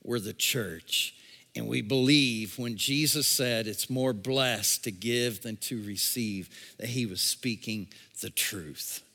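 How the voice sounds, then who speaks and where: A man's voice: mid-range voice, takes it slowly, creaky, sharp tone. A man preaching a sermon as pastor, emphatic and repetitive, building intensity as he urges his congregation. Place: church sanctuary. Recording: long hall reverb.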